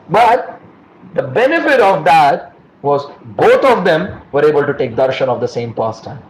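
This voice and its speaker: Animated male storyteller in an echoey room. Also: fairly high pitch, a little fast. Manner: animated storytelling, acting out quoted voices. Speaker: class speaker. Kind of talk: devotional storytelling class. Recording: echoey room with faint noise.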